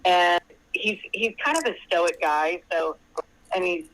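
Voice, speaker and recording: A woman phones in to a show, her lowish, fairly bright voice coming through a low-quality recording at a measured pace. She chats and retells a long conversation, quoting other people at length.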